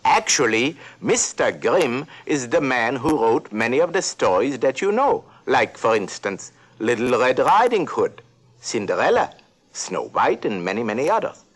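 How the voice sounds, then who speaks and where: An actor with a mid-range voice and big pitch swings plays an eccentric old male duck professor, speaking a little slowly. Playful, giggly and rambling, he corrects himself as he narrates a storybook tale for a talking toy.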